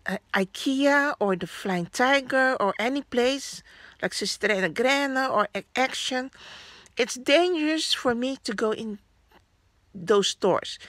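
Woman vlogger, unhurried and rambling, fillers and restarts, dead-dry room. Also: a little high, fairly bright tone, no room sound. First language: Dutch. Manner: rambling, chatty, frequent fillers and self-corrections. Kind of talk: casual haul vlog.

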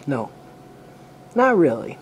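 A man's voice: a little high, big pitch swings, slow, slight background noise. A teenage boy casually reviewing toys, rambling and trailing off as he talks. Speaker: toy reviewer.

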